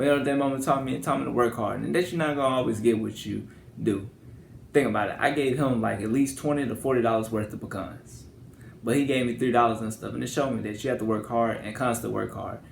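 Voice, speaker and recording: This young Louisiana man with a country accent rambles loosely through stories to camera as a vlogger, often repeating "and stuff." His medium-pitched voice is a little fast and creaky, recorded in an echoey room with slight background noise.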